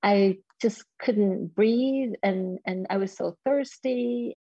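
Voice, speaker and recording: A woman's voice: medium pitch, takes it slowly, dark tone, husky, dry recording, highs cut off. A woman in her fifties telling a personal story in an interview, candid and self-deprecating. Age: 50s. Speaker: guest.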